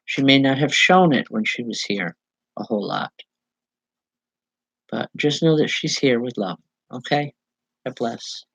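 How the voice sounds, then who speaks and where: A woman medium giving a live spiritual reading to viewers, speaking in halting, repeated phrases with soft reassurance. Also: very deep voice, animated, creaky, slightly rough, no echo, poor audio. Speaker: psychic medium.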